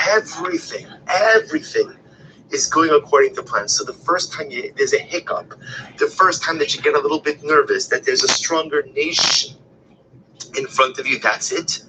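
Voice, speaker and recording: A man teaching a text-based Torah class, talking expressively, often repeating phrases and asking rhetorical questions, and sometimes dropping to a hushed whisper. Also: a little high, normal speed, background noise. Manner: expressive, shifts between loud emphasis and hushed whispers.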